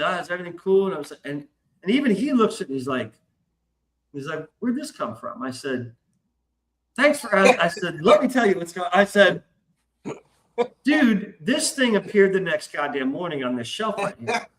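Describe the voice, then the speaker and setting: A man's voice: high-pitched, very animated, moderate pace, long pauses. A man hosting a podcast who tells a story in a casual, profane way and acts out the voices in his quotes. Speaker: podcast host. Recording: roomy echo.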